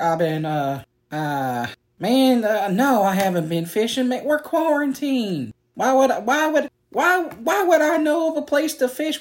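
A loud, cranky redneck cousin, as a woman puts him on, with a pitched-up, indignant voice that keeps rising into shouts. He complains and rants in a drawling country manner through an improvised comedy sketch. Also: close to an everyday voice. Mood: exasperated. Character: loud cranky redneck cousin, grown man, fishing expert.

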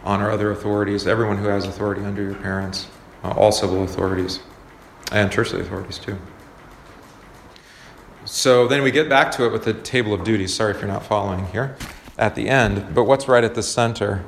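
Leading a casual Bible study, a male pastor speaks briskly in a lowish, steady voice. He keeps the teaching talk conversational, with many fillers and regular questions for the group. The recording has a roomy echo and faint background noise.

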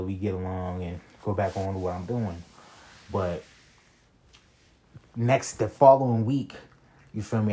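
A man's voice: lowish voice, mellow. A young man telling a personal story in a casual, rambling monologue, full of slang and "you feel me.". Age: young adult.

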